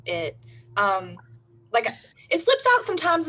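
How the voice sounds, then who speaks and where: A woman's voice: fairly high pitch, wildly swooping pitch, slow, pauses often, pushed and bright, low-quality recording. A woman with a Southern US accent giving a hesitant, self-conscious, giggly introduction on a video call. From Southern United States. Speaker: treatment center representative.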